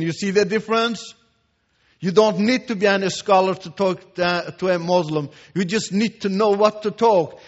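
A man from Iran, giving his testimony as a Christian teacher. He talks emphatically and repeats words for stress, moving between hushed and loud. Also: high-pitched. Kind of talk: preached testimony. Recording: echoey hall, dull lo-fi sound.

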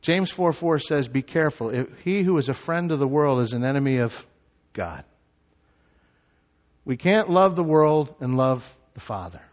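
A pastor preaching a sermon. He moves from measured teaching to loud, shouted emphasis. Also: medium pitch, animated. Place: church sanctuary. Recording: reverberant hall, slightly dull sound.

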